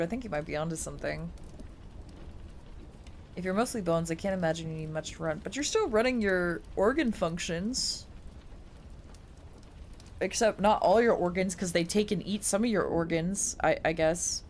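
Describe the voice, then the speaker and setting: A woman streamer reading aloud and chatting on a live stream, excitable and incredulous, with casual swearing. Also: lowish voice, normal speed, a little hiss or hum.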